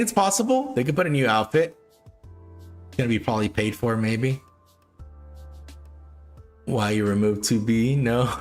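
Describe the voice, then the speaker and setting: A man hosting a livestream, chatting casually and repetitively with frequent chuckles. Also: on the low side. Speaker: livestream host.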